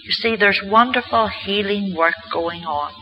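A man's voice: sits high, a little slow, pushed and bright, slight background noise, low-quality recording. A man giving a church lecture, telling healing stories with an earnest, emphatic storytelling manner. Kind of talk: storytelling sermon talk.

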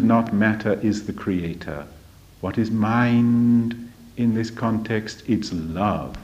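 A man teaching from a spiritual text in a deliberate, emphatic lecture, often asking rhetorical questions. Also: on the low side, lively intonation, a little mellow. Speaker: religious study teacher. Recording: dull lo-fi recording.

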